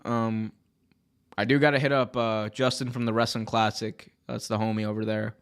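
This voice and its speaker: Excitable, slangy male podcast host. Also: on the low side, moderate pace, smooth. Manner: excitable, jokey, lots of slang and reactions. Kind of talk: casual livestream commentary.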